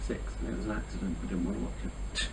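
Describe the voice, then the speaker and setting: A man's voice: lowish voice, steady tone, rapid-fire. A young man co-hosting a podcast, making dry, wry remarks in casual chat. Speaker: podcast co-host. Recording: distant mic with faint ambient noise.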